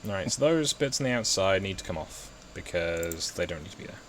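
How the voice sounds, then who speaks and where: A man's voice: sits low, animated, a little fast, fairly bright tone, slight background noise. A man from the West Midlands with a Midlands accent, casually chatting and thinking aloud while he builds in a game, often poking fun at himself. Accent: English Midlands. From England, West Midlands. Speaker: gaming video host. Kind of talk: casual gameplay chat.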